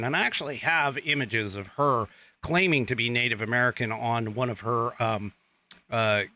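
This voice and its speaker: Bright-voiced rambling male podcast host. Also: medium pitch. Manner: rambling with many fillers and restarts; sarcastic asides. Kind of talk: casual political commentary.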